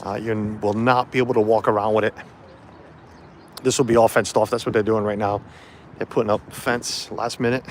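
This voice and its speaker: A livestream vlogger wanders an outdoor festival site, chatting casually into the phone camera he holds as he walks and rambling with plenty of fillers. His voice is lowish, his delivery flat and brisk, with slight background noise.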